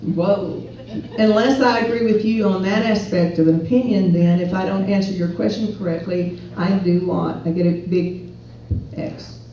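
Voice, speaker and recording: A woman gives an earnest, persuasive public speech, often putting questions to the crowd. Her voice is mellow and dark. It is recorded from well back in a very echoey hall, with a dull, muffled sound. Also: medium pitch, distant mic. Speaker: speaker at a political rally. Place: event hall.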